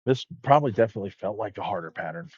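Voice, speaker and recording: A man's voice: lowish voice, lively intonation, very fast, dull audio. A man co-commentating a bowling livestream, chiming in with loose, chatty remarks about the bowlers. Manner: chatty, interjecting, loose phrasing. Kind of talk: casual sports commentary chat.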